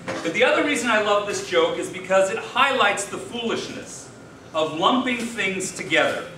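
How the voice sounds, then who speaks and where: A man, a rabbi, giving a speech at an interfaith dinner, telling a joke in a relaxed storytelling way. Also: high-pitched. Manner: folksy storyteller, does voices in a joke. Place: large hall. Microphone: distant mic. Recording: echoey hall from far off, noisy.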